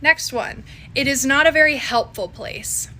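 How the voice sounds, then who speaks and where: A woman's voice: sits high, unhurried, sharp tone. A young woman from Canada, chatting to camera as a vlogger in a casual, exasperated way. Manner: chatty and exasperated, with mocking quoted voices. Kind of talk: casual talking-to-camera commentary.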